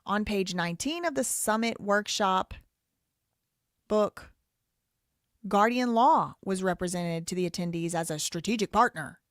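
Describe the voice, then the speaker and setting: A woman's voice: medium pitch, measured pace, pauses often. A woman with a mid-range voice, recorded close and dry with no room echo. She reads legal documents aloud as a live-stream host. She keeps stopping to correct herself and toss in skeptical asides. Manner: rambling, with frequent asides and self-corrections. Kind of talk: casual commentary reading a lawsuit aloud.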